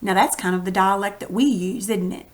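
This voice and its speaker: A woman's voice: medium pitch, brisk. Texan woman teacher, conversational, walks kids through a reading lesson. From Texas. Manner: friendly explaining, conversational.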